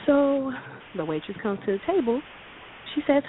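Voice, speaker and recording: A woman phones in to a radio talk show and tells her story in a lively, chatty way, laughing and acting out other people's lines. Her voice comes through a thin, tinny phone line with a faint hiss behind it. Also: sits high, moderate pace. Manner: animated, laughing, acts out quotes. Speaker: caller. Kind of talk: casual storytelling on call-in radio.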